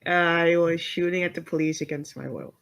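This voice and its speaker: A man's voice: fairly high pitch, fairly even intonation, normal speed, gravelly, a bit bright. A man playing a tabletop role-playing game, wry and hesitant. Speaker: player.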